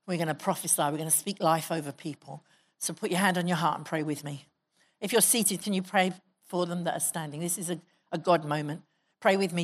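A woman's voice: on the low side, fairly quick. A woman pastor preaching a sermon in church, exhorting the congregation and leading them in prayer. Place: church hall.

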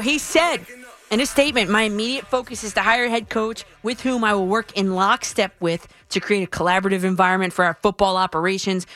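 A woman's voice: mid-range voice, fairly bright tone, no room sound. A woman hosting a sports radio show, giving her opinions in a punchy, emphatic way into a studio microphone.

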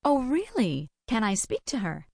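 A friendly lesson interviewer. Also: female voice, a little high, huge pitch swings, unhurried, a little mellow, dry recording, studio quality, heavily acted. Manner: clear, friendly questioning. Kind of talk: scripted language-lesson dialogue.

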